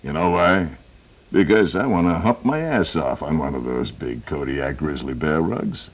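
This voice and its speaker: Man playing a blustering rich hunter, brash, cursing, deep voice, lively swings. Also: measured pace, recorded from a distance, a little hiss or hum. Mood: boastful. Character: boastful rich male hunter, hot-tempered.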